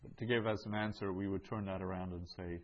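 A man teaching a Greek class, going over answers in a slow, measured way with many ums and uhs. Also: low-pitched, steady tone, lo-fi sound.

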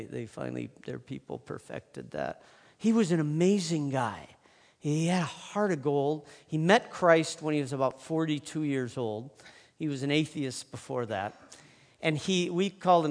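A man speaking from a stage at a church event, telling a story in a chatty, joking way with plenty of fillers and restarts. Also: medium pitch. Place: large hall, on a stage. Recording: long hall reverb.

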